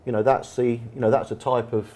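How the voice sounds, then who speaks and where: An English football manager in a live on-stage conversation at a bar event, telling stories in a chatty, anecdotal way with plenty of fillers. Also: male voice, mid-range voice, flat delivery, fairly quick, mellow. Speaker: football manager and guest speaker. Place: bar event room with an audience.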